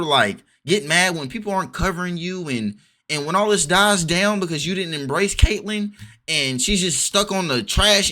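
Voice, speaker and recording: A man's voice: fairly high pitch, pushed and bright. A young man in a heated, repetitive commentary rant for his vlog, restarting his sentences often. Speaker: vlogger.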